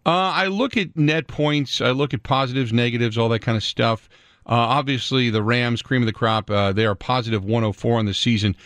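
A man's voice: mid-range voice, fairly even intonation, a little fast, fairly bright tone, no room sound. A man hosting sports radio, asking long conversational questions backed with statistics. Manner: conversational, asks long set-up questions with stats.

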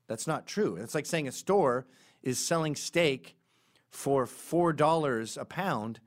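A man hosting a podcast, telling stories in a casual comedic monologue with quick asides. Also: mid-range voice. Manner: animated storytelling with quick asides and laughs. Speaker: podcast host.

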